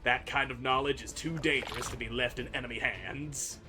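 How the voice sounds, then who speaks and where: Over music, a gaming channel host delivers crude, sarcastic commentary as he plays a video game, trash-talking the enemies he fights. His voice is medium-pitched with fairly even intonation and a moderate pace.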